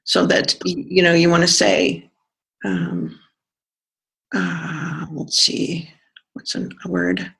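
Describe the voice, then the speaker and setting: An accent coach explaining pronunciation in conversation, pausing to think and sounding out vowels to demonstrate. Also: medium pitch, sing-song, creaky, fairly bright tone, slightly rough. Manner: thoughtful, pauses with fillers, sounds out vowels to demonstrate.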